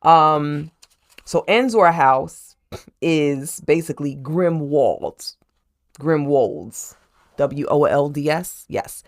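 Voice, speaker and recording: A woman's voice: low voice, vocal fry. A woman hosting her horror book vlog, chattily recapping a chapter and often checking in with "okay?". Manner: animated, laughs while retelling. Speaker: host and horror book reviewer.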